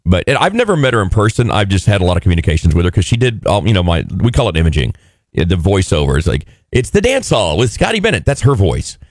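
A radio morning show host, a man with a low voice that bounces up and down a lot as he jokes around with his co-host. He talks in a casual, playful way. The studio sound is dry and close. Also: very animated, quick pace, no echo. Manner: joking, playful. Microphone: studio microphone.

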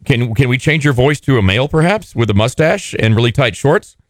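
A male radio host in the studio, wisecracking and teasing his co-hosts. He talks fast with a lively, swinging pitch, recorded dry and close. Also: no room sound. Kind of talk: joking studio banter.

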